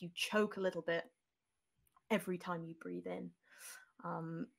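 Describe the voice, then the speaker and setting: A woman's voice: lowish voice, creaky, a bit bright. A woman narrating a tabletop role-playing game as game master, descriptive with frequent ums.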